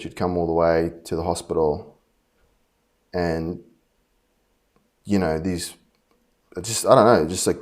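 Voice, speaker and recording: A man telling a personal story in a rambling, halting way, frustrated and full of fillers and restarts. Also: low-pitched, darkish tone. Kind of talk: casual personal monologue.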